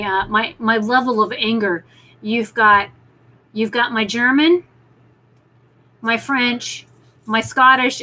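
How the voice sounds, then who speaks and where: A woman's voice: a little high, sharp tone, rough recording. A woman chatting casually on a live stream from home, rambling with restarts and talking to viewers. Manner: chatty, rambling, talks to her cat in baby talk.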